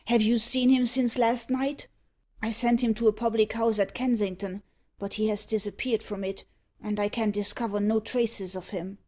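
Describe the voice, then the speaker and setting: A woman reading the part of a troubled, defiant gentleman who speaks earnestly and firmly. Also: on the high side, flat delivery, moderate pace, lo-fi sound, lightly acted.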